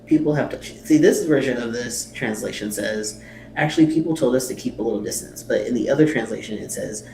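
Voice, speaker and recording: A man with a brisk, medium-pitched voice, darkish in tone with vocal fry, hosts a reaction video. He reads subtitles aloud and comments bluntly with swearing and exasperation, recorded in an echoey room with a far-off mic and faint noise.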